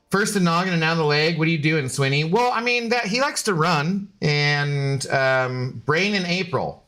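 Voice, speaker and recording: A man's voice: fairly high pitch, lively intonation, normal speed, few pauses, fairly bright tone. A man streaming live, chatting casually with viewers in a rambling way and slipping into sing-song baby talk with his dog.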